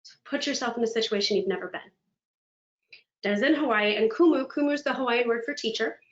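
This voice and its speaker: A woman motivational speaker giving a virtual keynote, telling stories in an animated, dramatic way. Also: a little high, quick pace. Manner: animated, dramatic storytelling with laughs. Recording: echoey room, dull lo-fi sound.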